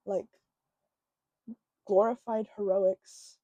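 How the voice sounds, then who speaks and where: A woman talking through a book in a casual vlog, emotional and halting, with many fillers, close to her own microphone. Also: mid-range voice, little pitch movement, warm tone, no echo, lo-fi sound. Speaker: book vlogger.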